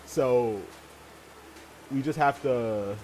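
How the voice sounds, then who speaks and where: A man's voice: mid-range voice, very slow, a little mellow, poor audio. A man hosting a let's play from a room at home, chatting casually, rambling, swearing and laughing often. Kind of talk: casual gaming commentary. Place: home room with large windows.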